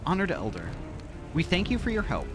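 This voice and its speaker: A man's voice: high-pitched, huge pitch swings, fairly quick, pitched above the performer's own voice. A man voicing an earnest young adventurer in a fantasy game, reading formal lines with game music behind him.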